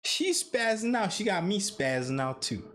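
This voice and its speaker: Animated Zimbabwean man riffing on a clip. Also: sits high, moderate pace. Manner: playful, teasing, mock-apologetic. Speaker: reaction video host. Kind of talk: comedic reaction commentary.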